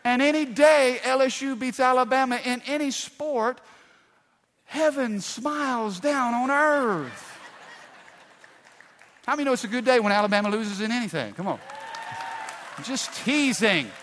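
Pastor preaching in an echoing hall. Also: male voice, very high voice, a little slow, long pauses, some chatter behind, a little hiss or hum. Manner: folksy storytelling, swings from hushed to loud. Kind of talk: sermon. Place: large church hall. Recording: long hall reverb.

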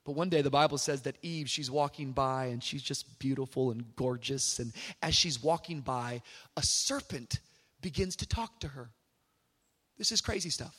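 A male preacher giving an animated, joking sermon told as a story. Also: mid-range voice, normal speed, husky.

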